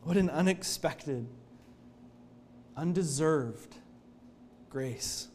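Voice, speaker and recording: Earnest pastor with a raised pitch. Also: male voice, very slow, a little hiss or hum. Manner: earnest, expressive storytelling. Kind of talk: sermon. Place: church.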